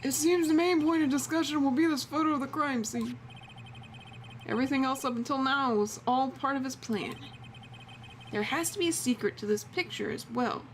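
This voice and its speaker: A woman's voice: high voice, normal speed, a little hiss or hum, natural voice. A woman reading the lines of an earnest young male defense lawyer in a courtroom game, in her own voice.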